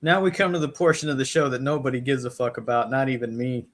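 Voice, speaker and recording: A man's voice: mid-range voice, steady tone, fast talker. A man co-hosting a podcast, chatting casually in a crude, profane and wisecracking way, rambling through recaps. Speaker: podcast co-host.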